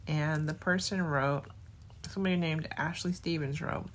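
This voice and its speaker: A woman's voice: sits low, steady tone, moderate pace, a little hiss or hum. A young woman hosting her own podcast, talking to her partner in a casual, rambling, heartfelt way with lots of "like" and restarts. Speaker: podcast host. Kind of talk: casual spoken diary to a partner.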